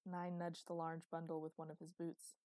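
A woman narrates a story in a steady, even voice. Her voice sits low. The sound is dry, with no room around it. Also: normal speed, no echo. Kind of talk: audiobook narration.

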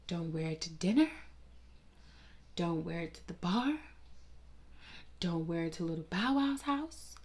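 A woman's voice: mid-range voice, animated, measured pace. A woman vlogger delivering a dramatic, profane, mock-grieving comedic rant with plenty of sass.

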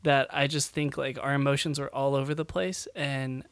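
A man's voice: mid-range voice, little pitch movement, normal speed, a bit bright, clear, resonant tone, no echo. A young man and new father, co-hosting a podcast in casual chat, rambling with lots of fillers and laughs as he tells stories. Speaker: podcast co-host.

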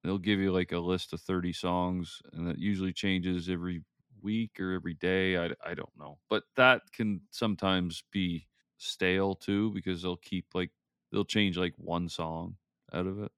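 A man with a very low voice, gravelly yet smooth, chats casually as a podcast co-host. He hedges and trails off, with a dry, close sound. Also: steady tone, moderate pace, a bit bright, no echo. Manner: hesitant, trailing off, laughs often. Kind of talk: casual chat.

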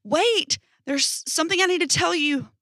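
A woman voicing a frantic young man on crutches, urgent and pleading in a raised, higher voice. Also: lively intonation, moderate pace, a bit bright, dry recording, clean studio sound, full character voice.

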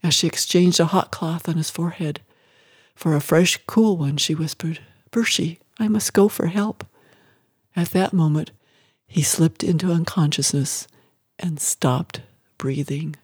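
A narrator giving an expressive, emotive audiobook reading of a story. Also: mid-range voice, measured pace, husky, no echo, studio quality.

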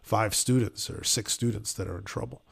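Gravelly casual podcast co-host, man. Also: lowish voice, brisk. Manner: animated storytelling, many fillers and restarts. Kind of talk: casual chat.

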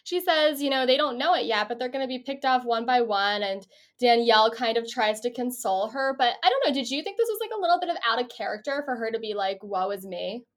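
On a podcast she co-hosts, a woman talks through a reality show in a relaxed, lively way, laughing often and cursing casually. She speaks quickly in a higher voice with lively intonation.

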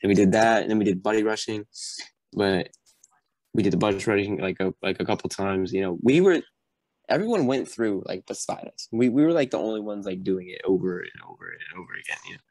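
A young podcast guest with a lowish, gravelly voice talks a little fast, and there's no echo in the recording. In casual conversation he tells lively stories, acting out the figures in them, like drill instructors.

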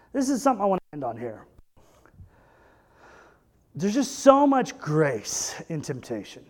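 Guy preaching a sermon, pretty high voice, earnest, keeps repeating lines and building up loud. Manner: earnest preaching, repeating phrases, rising to loud emphatic peaks. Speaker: pastor.

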